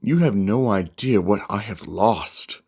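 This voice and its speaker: Man reading furious young demigod hero, bitter, vengeful, low voice, fan story. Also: expressive, slow pace, a little mellow, husky, heavily acted.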